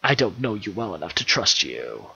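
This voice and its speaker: A weary stranded officer, low and guarded in tone, as a man reads him in an audiobook. The voice is bright and forward, though the recording sounds a little dull. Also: very animated, moderate pace, vocal fry, husky, full character voice.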